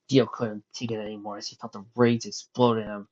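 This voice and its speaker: A man's voice: on the low side, steady tone, a little fast, few pauses, a bit bright, dull audio. A man reading a fan story aloud as narrator, breaking off for wry, sarcastic joking asides. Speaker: narrator and fanfic reader.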